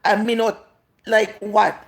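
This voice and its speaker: A woman's voice: mid-range voice, flat delivery, slow pace, creaky. A woman in her late thirties with a Jamaican accent, ranting and scolding on a live stream, drawing out words for emphasis. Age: 30s. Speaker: vlogger.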